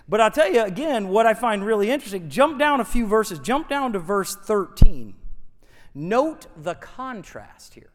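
A man preaching a sermon as pastor, talking in a conversational, animated way with frequent restarts. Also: high-pitched, long reverb tail. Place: church sanctuary.

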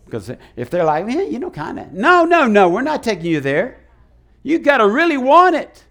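Man, pastor, high voice, animated sermon delivery. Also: normal speed. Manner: animated preaching, acts out quoted voices.

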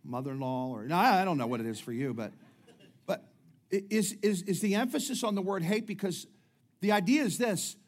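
A middle-aged pastor with a high-sitting, lively voice preaches briskly in a chatty style. He tosses in humorous asides and restarts his sentences often.

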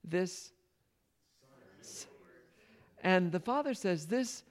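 A man's voice: sits high, lively intonation, normal speed, vocal fry. A man leading a Bible study, retelling a story and questioning his listeners, laughing often. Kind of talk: interactive Bible teaching.

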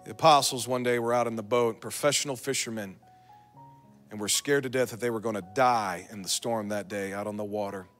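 A man, a pastor, preaching a sermon that moves from calm storytelling to fervent altar-call exhortation. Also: on the low side, brisk, faint music behind. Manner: builds to fervent shouted exhortation; calm storytelling, quiet asides.

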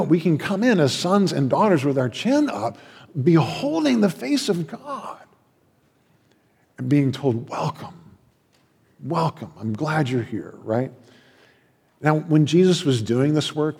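A man preaching a sermon as a pastor, passionate, swinging between loud emphasis and hushed asides. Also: fairly high pitch, slightly rough. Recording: long hall reverb.

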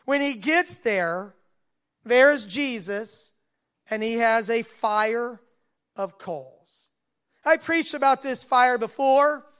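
Slow, smooth-voiced preacher. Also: male voice, very high-pitched, a bit bright. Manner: unhurried preaching that voices the dialogue of the story. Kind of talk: sermon.

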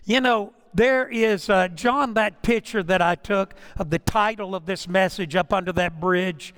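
A man's voice: high voice, measured pace, hardly any pauses, fairly bright tone, smooth. A man preaching a sermon, telling stories in a conversational way with frequent restarts. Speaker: pastor.

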